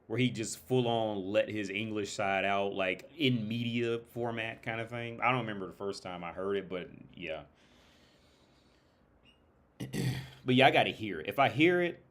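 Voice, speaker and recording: A man's voice: on the low side, a bit bright. An American man in casual livestream chat, rambling and swearing with frequent restarts.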